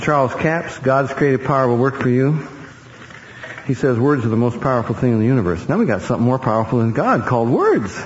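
A man's voice: mid-range voice, lively intonation, fairly quick. A man preaching a sermon, emphatic and sometimes mocking in his repetition. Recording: echoey hall, dull sound with faint hiss.

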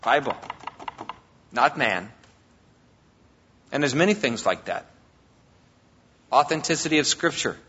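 A man preaching a sermon as a pastor, emphatic, swinging between loud and quiet. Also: medium pitch, animated, a little slow, long pauses, slightly rough. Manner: emphatic preaching, rises and drops in volume. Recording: long hall reverb, dull lo-fi sound.

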